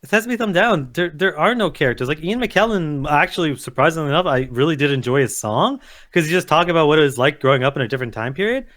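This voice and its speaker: A man in a casual movie review chat pokes fun with dry sarcasm. His voice is noticeably high for a man. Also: animated, quick pace, fairly bright tone. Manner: sarcastic, mocking. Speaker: co-host.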